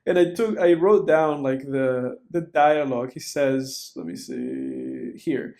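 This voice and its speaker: A man co-hosting a film podcast, talking casually in a rambling, animated way, full of "you know" and "like". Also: mid-range voice, slow. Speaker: podcast co-host. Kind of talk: casual film review chat.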